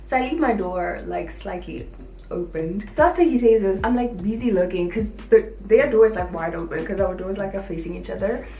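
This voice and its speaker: Animated woman telling a story. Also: medium pitch, brisk. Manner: animated, acts out quotes, frequent "like". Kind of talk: casual storytelling to camera. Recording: echoey room, faint music behind.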